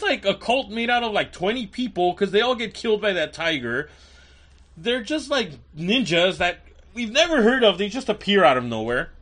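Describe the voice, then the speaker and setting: A man's voice: sits high, a bit bright. A man hosting a podcast, giving casual review commentary and rambling with fillers and restarts. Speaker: podcast host.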